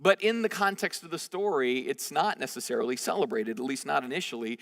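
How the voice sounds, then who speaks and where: A man preaching a sermon as pastor at a church service, conversational and animated, often acting out the voices in the story. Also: mid-range voice, fairly quick, vocal fry, big-room sound. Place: church service, large room.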